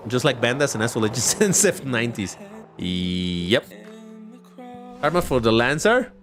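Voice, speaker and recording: A man's voice: medium pitch, very animated, a little slow, a bit bright, faint music behind. A man giving chatty, opinionated live commentary while racing in a mobile game. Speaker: livestreamer.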